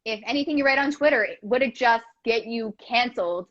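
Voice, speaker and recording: A woman's voice: fairly high pitch, fairly quick, fairly bright tone, highs cut off. A woman co-hosting a podcast in casual chat, rambling and thinking aloud over a video call. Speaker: podcast co-host.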